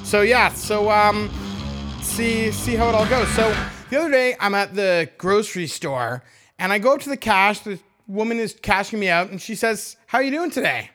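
Man, podcast host, comedic rant, exasperated, swearing, sharp bright tone. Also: high voice, normal speed, faint music behind. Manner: profane, exasperated ranting.

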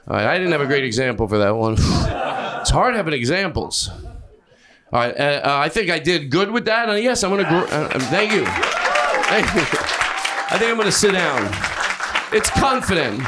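A man doing improvised stand-up comedy on a club stage, rambling, self-mocking and profane, high on an edible. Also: sing-song, brisk, a crowd in the background.

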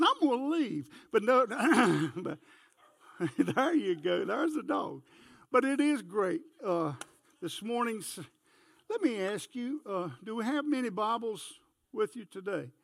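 An older man preaching in a church, his voice high and full of gravel. He spins homespun stories and talks directly to the congregation, and the recording is dry and close. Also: very animated, measured pace, fairly bright tone, no room sound. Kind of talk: folksy sermon with storytelling. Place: church sanctuary.

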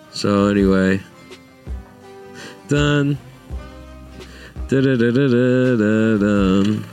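Low-voiced young man ranting profanely. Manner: profane, exasperated, rises to loud high-pitched outbursts. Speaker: vlogger. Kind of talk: casual rant to camera.

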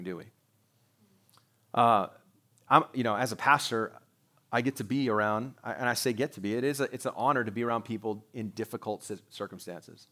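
A man's voice: medium pitch, fairly bright tone. Conversational man preaching a sermon. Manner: conversational, jokey asides, rhetorical questions. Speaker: pastor.

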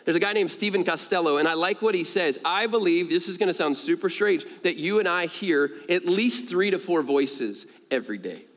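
A man preaching a sermon to his congregation, animated, jumping higher in pitch to stress a point and laughing between stories. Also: normal speed, few pauses. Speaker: pastor. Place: church sanctuary. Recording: long reverb of a large church hall.

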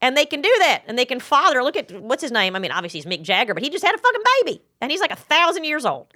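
A middle-aged woman hosting a casual interview chat, blunt and profane with quick asides. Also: sits high, very animated, pushed and bright. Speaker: podcast host.

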